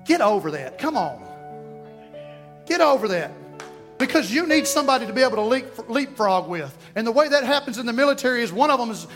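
Preacher guy, high pitched, animated sermon with call and response. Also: brisk, long reverb tail, soft background music. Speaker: pastor. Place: church sanctuary.

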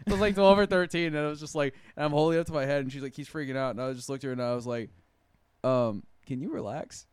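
A man's voice: on the high side, steady tone, smooth, no echo, clean studio sound. A man in casual podcast chat, telling rambling stories full of swearing. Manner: fast, swearing storyteller. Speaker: podcast guest.

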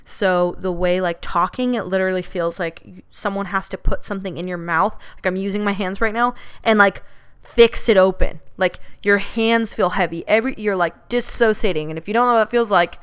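A woman talks openly and casually, giving frank advice like an older sibling. Her voice is very smooth and resonant at a middle pitch. She is chatty and swears easily, with plenty of "like" and "you know.". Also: a little fast. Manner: candid and chatty, swears freely, many "like" and "you know" fillers. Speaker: podcast host.

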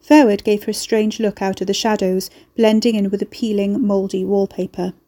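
A woman narrates fiction in measured, steady storytelling. Her voice is mellow and warm, at a middle pitch. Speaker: audiobook narrator. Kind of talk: scripted narration.

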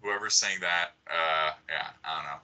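A young jiu-jitsu competitor, guesting on a podcast, chats in a laid-back way, swearing freely and packing his talk with "like" and "you know." His voice is rumbling and low yet bright, with a forceful tone at normal speed, on a rough recording.

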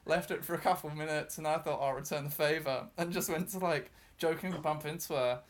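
A man's voice: a little high, steady tone, fairly quick, hardly any pauses. Rambling man telling a story. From outside Britain. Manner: rambling, many fillers and restarts, self-deprecating. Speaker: guest storyteller. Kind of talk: casual podcast chat, telling a story.

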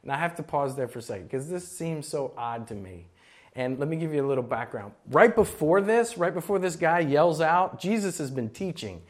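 A man preaching a sermon to a church congregation, animated and conversational, acting out quoted voices as he tells stories. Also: on the high side, moderate pace. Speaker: pastor.

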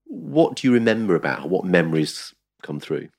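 A man with a very deep, gravelly voice hosting an interview. His pitch swings widely as he asks curious questions and laughs along. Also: sing-song, fairly quick. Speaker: podcast host. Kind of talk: interviewer conversation.

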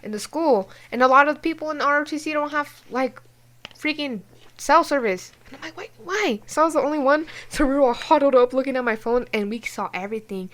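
A woman's voice: high-pitched, brisk. Young woman swearing through a story. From New Mexico. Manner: animated, swears often, many fillers. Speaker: podcast co-host. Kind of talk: casual storytelling chat.

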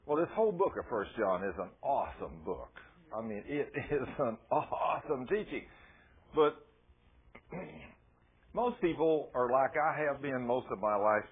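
Folksy preacher, phone-line sound. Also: male voice, mid-range voice, slightly rough. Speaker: pastor. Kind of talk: sermon.

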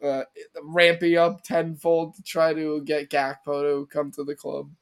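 A man's voice: on the high side, monotone, measured pace, clear, resonant tone. A man co-hosting a casual podcast, defending himself with mock indignation among his friends. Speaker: podcast co-host.

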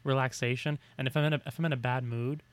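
A young man co-hosting a podcast, talking in a relaxed, rambling way with casual swearing. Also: mid-range voice, fast talker, dry recording. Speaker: podcast co-host. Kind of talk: casual chat.

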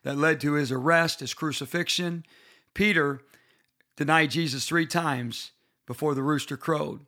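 A man's voice: fairly high pitch, unhurried, sharp tone. A middle-aged man, a pastor, teaching leaders from the Bible and telling personal stories in an earnest, emphatic way.

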